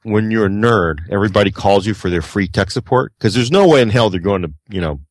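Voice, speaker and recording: Animated, swearing man telling stories. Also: lowish voice, fast, no room sound. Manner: animated storyteller, acts out quoted people, swears freely. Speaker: podcast co-host. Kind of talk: casual podcast banter.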